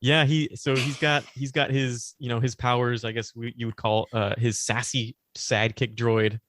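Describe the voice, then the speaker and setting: A man's voice: medium pitch, little pitch movement, moderate pace, a bit bright. A man co-hosting a podcast, talking casually and rambling, often stopping to search for words and laughing along. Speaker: podcast co-host. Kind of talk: casual chat.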